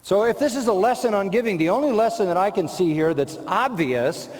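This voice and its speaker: A man's voice: high voice, lively intonation, fairly quick. Emphatic preacher man in a reverberant hall. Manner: rhetorical, quotes imagined objectors and answers them; emphatic, repeats short punchy phrases. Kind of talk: sermon. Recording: long reverb of a large hall.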